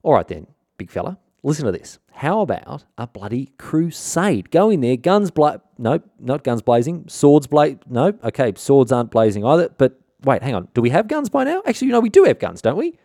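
A man's voice: medium pitch, big pitch swings, normal speed, vocal fry, mellow, dry recording, studio quality, voice pushed up. A man with an Australian accent voicing a brash, boastful king who is scheming an invasion in a comic history retelling. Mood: cocky scheming. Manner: swaggering, slangy, boastful.

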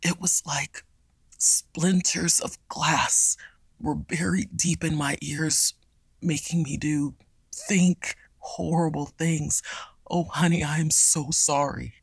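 A woman voicing a crazed middle-aged father who talks in a hoarse whisper in a horror story. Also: low voice, fairly even intonation, takes it slowly, dry recording, heavily acted. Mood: remorseful.

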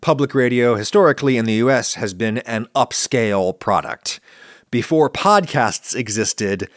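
A man's voice: lowish voice, moderate pace, no room sound, studio quality. Wry man with a northern US accent. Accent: general northern US. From central Pennsylvania, US. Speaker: host answering viewer questions. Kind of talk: casual explanatory monologue.

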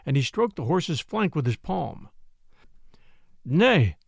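Man, storybook narrator, high lively voice, gravelly texture. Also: normal speed, no echo, clean studio sound. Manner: old-fashioned, expressive reading.

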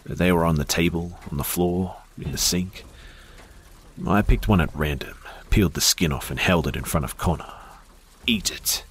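Male horror narrator, very deep voice, husky, grim and measured delivery. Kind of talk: first-person horror story narration.

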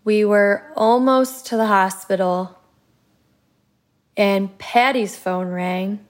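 Woman interviewee, gravelly low-key delivery, halting retelling, soft music under. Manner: halting retelling with many fillers. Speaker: bereaved wife interviewed. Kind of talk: recounted interview testimony.

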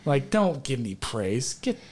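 A man's voice: very animated, slow, a little mellow, slight background noise. A man chatting casually on a podcast, telling brash stories full of swearing and jokes, mimicking other people along the way. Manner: brash storytelling, swears freely, mimics people in higher voices. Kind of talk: casual chat.

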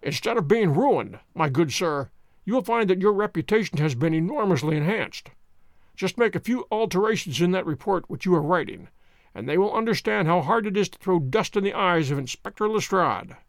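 A man's voice: high-pitched, animated, brisk, no room sound, studio quality. A man reading the lines of a confident, wry detective, poised and commanding in an audiobook. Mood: assured. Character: sharp, confident male detective, theatrical.

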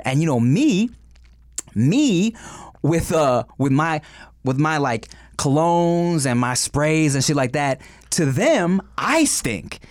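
A man co-hosting a podcast, chatting casually, crude and quick to laugh. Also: a little high, sing-song, no room sound, clean studio sound. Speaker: podcast co-host. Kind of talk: casual chat.

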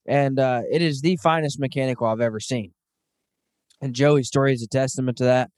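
A man in his thirties hosts a relaxed podcast conversation at a medium pitch. He speaks with earnest enthusiasm and frequent filler "um"s. The recording is close and dry, with no room sound. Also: a little fast, no echo. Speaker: podcast host. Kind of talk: casual hunting podcast chat.

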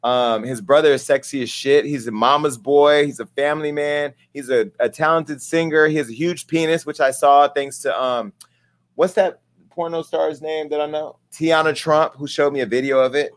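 Guy hosting a gossip show, brash and blunt, bit higher voice, aave, cracking jokes. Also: fairly even intonation, moderate pace. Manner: brash, candid, comedic storytelling. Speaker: talk show host. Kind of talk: gossip commentary.

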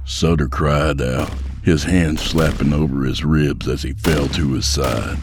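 Brief: grave male narrator, extremely low voice, gunfire effects behind. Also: steady tone, unhurried, few pauses, background noise. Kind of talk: dramatic audiobook narration.

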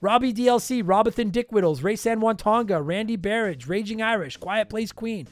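This podcast host has a high-pitched voice recorded with no room sound, though it comes across tired and worn. He reads a long list of patron names at speed, cracking casual, self-deprecating jokes along the way.

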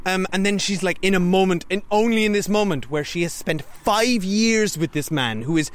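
A man's voice: high voice, moderate pace. A man co-hosting a podcast, animatedly recapping and mocking a movie's plot and dialogue with frequent laughs. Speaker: podcast co-host. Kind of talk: casual movie review chat.

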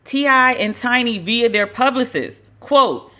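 A woman's voice: on the high side, measured pace. A woman hosting a solo podcast, talking bluntly and sarcastically with plenty of cussing. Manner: blunt, sarcastic, animated, cusses freely. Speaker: podcast host. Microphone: studio podcast microphone.

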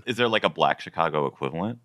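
Very deep-voiced, curious man. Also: lively intonation, quick pace, a bit bright, no echo, studio quality. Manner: curious, playful questioning. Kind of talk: casual chat.

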